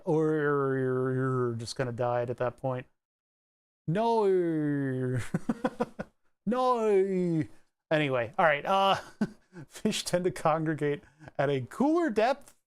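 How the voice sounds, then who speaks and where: A man streaming live and chatting casually, reading excerpts aloud and musing over them, with the odd swear. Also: a little high. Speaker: livestreamer.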